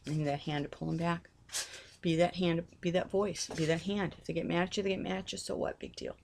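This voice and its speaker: A woman's voice: fairly low pitch, steady tone, a little fast, gravelly, darkish tone, a little hiss or hum. A middle-aged woman giving a heartfelt, earnest talk on faith, often repeating herself as she pleads with listeners. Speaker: religious vlogger.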